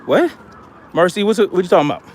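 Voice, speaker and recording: A man's voice: sits high, very animated, fast, a little hiss or hum. A man hosting a livestream, reading viewer comments aloud and answering them in casual chat. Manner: reads viewer comments aloud and responds conversationally.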